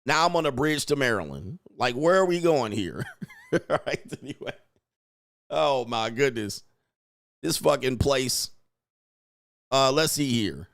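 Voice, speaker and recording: A man's voice: medium pitch, animated, a little slow, vocal fry, pauses often, a bit bright, dry recording. Profane man chatting on a livestream. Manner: profane, joking, reads chat aloud. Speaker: livestream host and dating coach. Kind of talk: casual livestream commentary.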